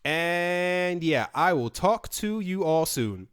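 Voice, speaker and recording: A man with a smooth, clear, slightly high voice talks through crypto news on his own channel. He rambles casually, stumbling over fillers and restarting his sentences. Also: sing-song, slow pace, a bit bright. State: running out of breath. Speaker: crypto news video host. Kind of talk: casual solo commentary.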